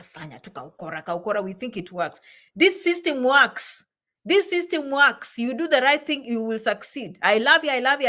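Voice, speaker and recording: A woman's voice: high voice, fairly bright tone. A woman giving motivational immigration advice, emphatic and repeating phrases for stress, sometimes mixing in Swahili words.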